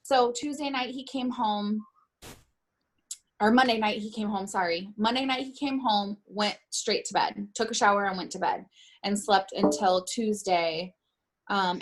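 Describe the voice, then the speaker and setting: A middle-aged woman being interviewed, recounting a painful personal account in a halting way and often stopping to correct herself. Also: mid-range voice. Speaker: interviewee, bereaved mother.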